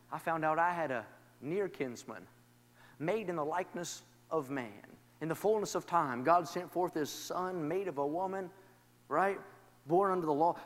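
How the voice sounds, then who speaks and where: High bright-voiced preacher in a reverberant hall. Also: male voice, a little slow. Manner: builds from quiet testimony to shouted, rhythmic praise. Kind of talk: sermon. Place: church. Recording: long reverb of a large hall. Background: congregation responding.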